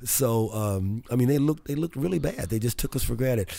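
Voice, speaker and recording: A man hosting a radio talk show, moving from a motivational monologue into excitable, chatty banter with frequent laughter. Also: medium pitch, normal speed, creaky, dry recording.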